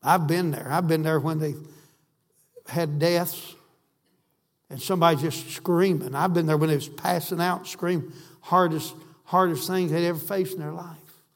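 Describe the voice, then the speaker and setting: A man's voice: on the high side, steady tone, normal speed. A man preaching a sermon, fervent and emphatic, repeating phrases for stress. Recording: echoey hall.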